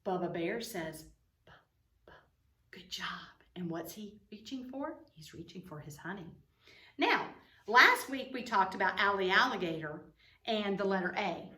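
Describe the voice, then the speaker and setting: Woman, preschool teacher, sing-song, animated, online lesson, echoey room. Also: mid-range voice, moderate pace. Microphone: camera mic. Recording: roomy sound, a bit far from the mic.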